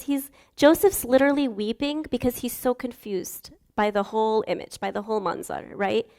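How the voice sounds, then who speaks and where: A woman's voice: fairly high pitch, steady tone, moderate pace, gravelly, few pauses, a little mellow. A young woman giving a casual, earnest sermon, chatty and acting out Bible figures as she goes.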